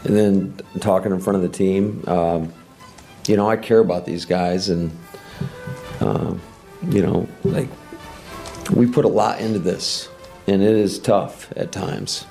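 A man who is a head football coach, answering at a press conference, choked up and halting with many pauses and fillers. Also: low voice, creaky, warm tone, faint music behind. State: choked up with emotion.

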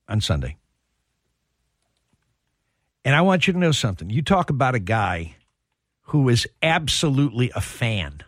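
A man who is a sports broadcaster, telling stories as a guest on a radio show, animated and full of restarts. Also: medium pitch, no room sound, studio quality. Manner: animated storyteller, stumbling restarts. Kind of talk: casual sports radio chat.

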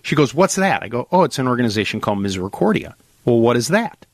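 Middle-aged guy host, super lively storyteller, dry close mic. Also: mid-range voice, fast talker, dry recording. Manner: animated storyteller, acts out quotes. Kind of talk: casual chat, storytelling.

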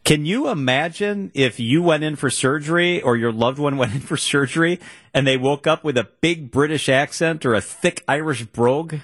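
A man's voice: on the high side, moderate pace, fairly bright tone, no echo, clean studio sound. A man hosting a radio talk show, chatting casually and reading out facts in between. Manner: conversational, reads out facts. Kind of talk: casual chat.

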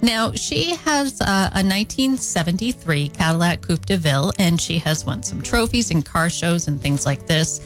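A woman's voice: lowish voice, lively intonation, normal speed, few pauses, faint music behind, rough recording. A woman co-hosting a morning radio show, telling a local feature story in an easygoing way. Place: radio studio. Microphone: studio microphone.

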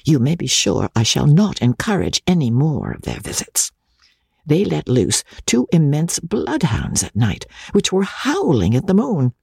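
Lively, gravelly audiobook narrator. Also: mid-range voice, dry recording, clean studio sound. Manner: lively, expressive storytelling. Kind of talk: first-person letter narration.

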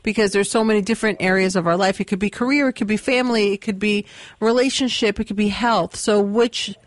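A woman giving psychic readings to callers on a radio show, brisk and upbeat. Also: mid-range voice, steady tone, dry recording. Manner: brisk, upbeat, laughs often. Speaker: psychic reader. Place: radio studio.

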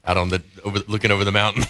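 A male radio co-host in his forties jumps in with quick reactions and shared memories. His voice sits somewhat low but sounds bright and forward, with faint background noise behind it. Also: flat delivery. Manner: chiming in with short reactions and memories. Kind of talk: casual on-air banter.

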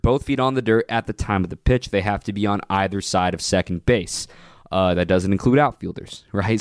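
A man's voice: clear, resonant tone, no room sound. Man, sports radio host, opinionated rant, punchy emphasis, dry studio sound. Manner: animated, ranting, punchy emphasis with sudden pitch jumps.

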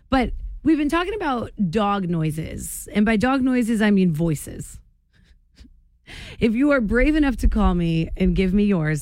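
A woman's voice: mid-range voice, darkish tone, dry recording, studio quality. A woman hosting a morning radio show, chatting in a bubbly way and laughing often.

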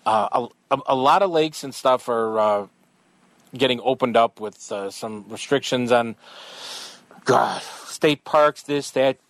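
A man's voice: mid-range voice, no echo. A man hosting a casual outdoors radio talk show, joking and chatting with guests. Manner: jokey, animated, quick asides.

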